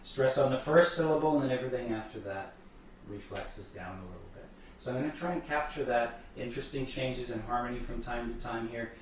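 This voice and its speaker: A man with a mid-range voice speaks briskly as a piano teacher, explaining repertoire between playing pieces. He is thoughtful and restarts words as he explains. The room is echoey and his voice is far from the mic.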